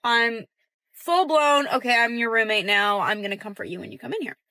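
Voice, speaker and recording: A young woman casually telling a story about her roommate, quietly acting out the dialogue. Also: a little high, moderate pace, no room sound. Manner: chatty, acts out quoted dialogue in a hushed voice.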